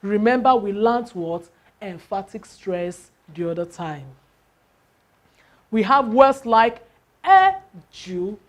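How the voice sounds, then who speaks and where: Nigerian woman teacher, unhurried classroom delivery, mid-pitched voice, spells out and counts syllables emphatically. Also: lively intonation. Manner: asks rhetorical questions and answers them. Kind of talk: classroom lesson.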